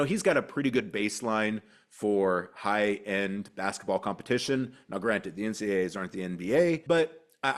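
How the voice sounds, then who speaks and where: A man hosting a solo sports podcast, talking through his thoughts in a rambling way with many restarts and asides. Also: lowish voice. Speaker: podcast host and team beat reporter.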